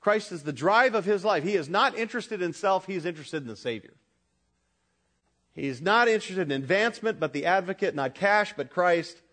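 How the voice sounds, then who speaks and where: Middle-aged male pastor, fairly high voice, emphatic sermon with loud peaks and hushed asides. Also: animated, a little fast. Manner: humorous, talks directly to the congregation.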